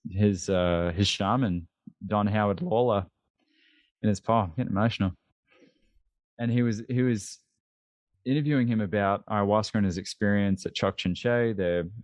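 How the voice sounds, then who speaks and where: As a podcast guest, a man in his thirties tells his story in an interview, candid and lively, often restarting a phrase. His voice is low, and the recording is dry and close, with no room sound around it.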